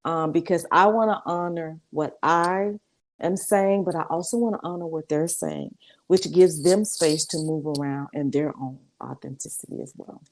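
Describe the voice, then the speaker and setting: Candid woman, lowish voice, video call. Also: moderate pace. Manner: candid, animated, acts out quoted voices. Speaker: guest speaker. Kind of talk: casual video-call talk.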